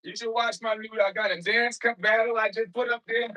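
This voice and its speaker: A man with a high voice chats on his livestream, loose and slangy, drifting from thought to thought. His tone is bright and forward. He keeps breaking off to greet viewers in the chat by name. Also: steady tone, fairly quick, poor audio. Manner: rambling, talks straight to viewers in chat; loose, slangy everyday speech. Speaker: livestream host.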